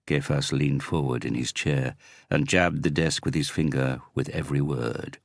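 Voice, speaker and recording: A man narrating a crime audiobook in a steady, even manner. His voice is very deep with a rough, gravelly grain, recorded dry and close. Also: normal speed, no room sound. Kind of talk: scripted narration.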